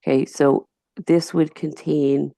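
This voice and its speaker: Gravelly low-voiced teacher with a Yonkers accent. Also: female voice, flat delivery, slow pace, warm tone, no room sound, studio quality. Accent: Yonkers, New York. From Yonkers, New York. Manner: chatty, digressive, with frequent restarts. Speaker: high school chemistry teacher. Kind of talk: recorded slideshow lecture.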